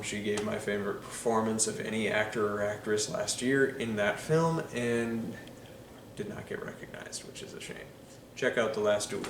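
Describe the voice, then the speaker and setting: A man with a fairly low voice gives casual, enthusiastic film commentary, pausing often on ums and uhs. He sits a little back from the mic in an echoey room, with a faint hiss underneath. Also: far from the mic. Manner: enthusiastic, filler-heavy with frequent ums and uhs. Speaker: film reviewer. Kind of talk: casual spoken movie commentary.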